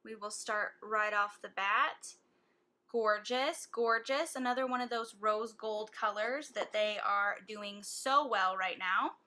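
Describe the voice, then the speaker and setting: Bright-voiced, gushing woman beauty vlogger. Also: fairly high pitch. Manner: gushing, excitable, breathy gasps. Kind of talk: casual makeup swatching vlog.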